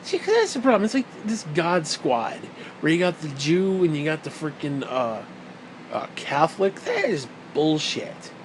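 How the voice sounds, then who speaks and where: Man ranting heatedly with a lively voice. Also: on the high side, moderate pace, slight background noise, poor audio. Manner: heated, profane, sarcastic. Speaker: vlogger. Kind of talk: ranting monologue.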